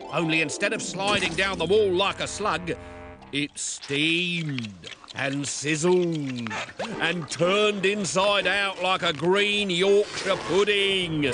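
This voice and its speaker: A man narrating a gruesome cautionary tale in a gleeful, theatrical storytelling style. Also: sits high. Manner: gleeful, theatrical, relishing the gross details. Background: music.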